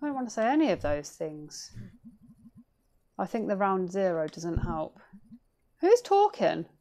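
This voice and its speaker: A woman's voice: mid-range voice, big pitch swings, a little slow, warm tone. A woman giving casual let's play commentary, chatty and musing to herself as she plays.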